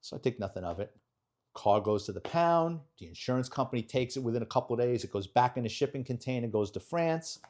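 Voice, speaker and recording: Middle-aged New man, ex-detective guest spinning a case story, blunt and lively. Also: medium pitch, quick pace. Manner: animated, blunt street-wise storyteller. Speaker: retired police detective, guest. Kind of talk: storytelling in a podcast interview.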